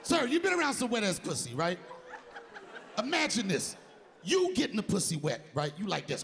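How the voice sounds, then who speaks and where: A man doing a crude, loud stand-up routine, laughing and shouting as he riffs and mimics sounds. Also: high-pitched, wildly swooping pitch, normal speed, vocal fry, a little hiss or hum. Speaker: stand-up comedian.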